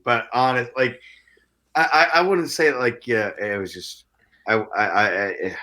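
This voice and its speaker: A man in his thirties, a musician guest telling stories in a casual interview, animated and profane, with stammering restarts. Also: fairly low pitch, a little slow.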